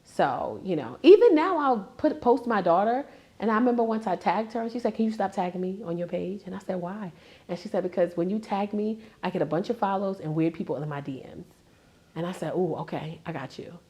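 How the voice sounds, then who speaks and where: A woman's voice: medium pitch, brisk. A woman comedian in her forties, a grandmother, chatting in an interview and acting out her kids as she tells stories. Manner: animated storytelling, acts out family members. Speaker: stand-up comedian; interview guest. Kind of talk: casual interview chat.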